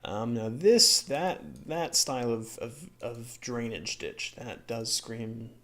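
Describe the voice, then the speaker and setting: A young man hosting a gaming video, thinking out loud and reading signs as he plays. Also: medium pitch, expressive, slow pace. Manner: muttering, reads signs aloud, thinks out loud. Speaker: gaming channel host. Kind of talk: let's-play commentary.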